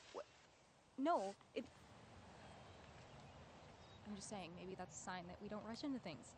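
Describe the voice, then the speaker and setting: An actress playing a young woman after a breakup who talks to her mother on the phone in a wry, halting, defensive way. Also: mid-range voice, a little hiss or hum, natural voice. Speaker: lead character in a short film. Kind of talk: naturalistic film acting.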